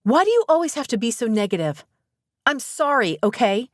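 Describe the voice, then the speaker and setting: A spirited young heroine with a quick temper, as a woman narrator voices her, speaking emphatically in a raised, brighter tone. The recording is dry and close, with no room sound. It has the feel of a storybook reading. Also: mid-range voice, big pitch swings, no echo, voice pushed up, lightly acted. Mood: upset.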